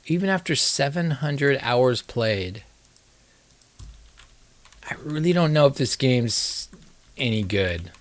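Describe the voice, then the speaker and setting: A man's voice: mid-range voice, animated, slow pace, long pauses, no room sound. A man casually talking through a live game stream, rambling and wry, poking fun at himself as he plays. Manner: rambling, wry and self-mocking. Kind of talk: casual live-stream commentary while gaming.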